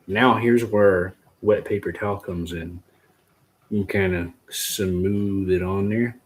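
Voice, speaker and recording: A man with a deep, low voice talks through a hands-on project in a casual livestream tutorial. He rambles in a goofy way and breaks off to chat with his viewers. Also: fairly even intonation, slow. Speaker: host demonstrating a DIY agar method.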